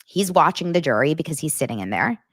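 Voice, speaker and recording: A woman's voice: sits low, very animated, quick pace, no room sound, clean studio sound. A woman hosting a casual commentary vlog, talking frankly and chattily with frequent asides. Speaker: host.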